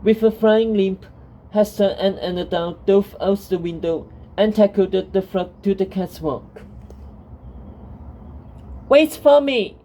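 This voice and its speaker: A woman narrating a fantasy storybook in a calm, steady reading voice. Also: mid-range voice, a little slow, slight background noise, poor audio.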